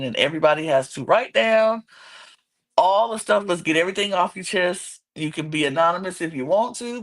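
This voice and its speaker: A woman's voice: on the low side, vocal fry. A woman co-hosting a podcast and recapping a reality show in loose, rambling chat, acting out the cast's lines in character voices. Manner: animated, acts out islanders' lines in character voices; rambling, admits she goes off track. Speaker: podcast co-host.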